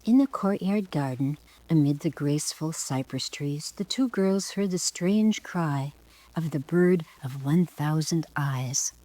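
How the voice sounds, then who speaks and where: An older woman narrating her own storybook in a soft, often whispery way. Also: deep voice, unhurried, rough recording.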